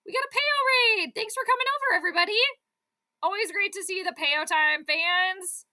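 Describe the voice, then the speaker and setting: A woman's voice: very high-pitched, a little fast, bright, forceful tone. A woman hosting live sports commentary for her stream, exasperated and sarcastic about her team's play. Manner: exasperated, sarcastic, fired-up fan. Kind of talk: live game commentary and chat.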